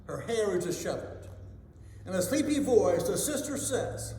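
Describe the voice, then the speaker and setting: A male pastor giving a devotional, telling a story slowly and letting his voice sink soft and low at the ends of lines. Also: very animated, slight background noise. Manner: slow storytelling delivery, drops soft and low at line ends. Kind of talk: devotional sermon with a told joke. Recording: echoey hall reverb.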